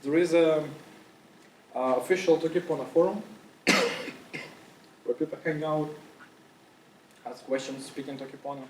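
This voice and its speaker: A man's voice: a little high, steady tone, normal speed, pauses often, distant mic, noisy background. Man presenting to an echoey room. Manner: loose, with many fillers and restarts. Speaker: conference speaker. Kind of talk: casual presentation talk. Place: conference room with audience.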